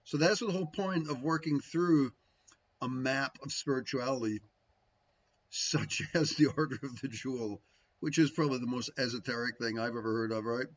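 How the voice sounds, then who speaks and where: Over lo-fi sound, a medium-pitched man speaks at normal speed to his livestream audience. He's a spiritual teacher musing casually on spiritual practice, rambling and repeatedly tagging "right?"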